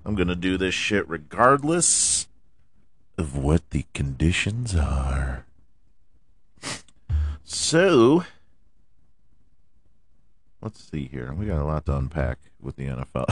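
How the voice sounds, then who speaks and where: A man hosting a podcast, hoarse from allergies and often clearing his throat, ranting about football with lots of swearing and rhetorical questions. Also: low-pitched, dry recording, clean studio sound. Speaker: podcast host. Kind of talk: casual sports rant.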